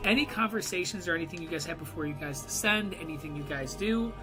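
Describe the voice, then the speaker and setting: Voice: mid-range voice, fast talker, low-quality recording. Rambling game master over music. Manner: rambling, lots of fillers. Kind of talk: narrating a tabletop game.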